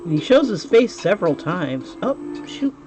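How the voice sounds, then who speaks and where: Woman artist chatting on stream, laughs a lot, restarts sentences, music clearly behind her. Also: fairly low pitch, big pitch swings, normal speed. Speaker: livestreaming artist chatting with viewers. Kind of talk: casual livestream chat while drawing. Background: music playing clearly.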